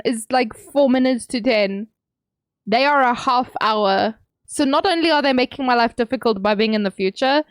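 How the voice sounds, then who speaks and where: A woman's voice: sits high, no room sound, studio quality. A woman streamer from England chatting casually with her stream chat, teasing and joking as she reads messages aloud.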